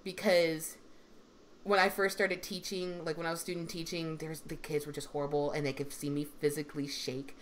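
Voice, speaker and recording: Lively young woman in a casual chat. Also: sits low, brisk. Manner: animated storytelling, lots of fillers, swings in loudness. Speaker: substitute teacher and voice actor. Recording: faint background noise.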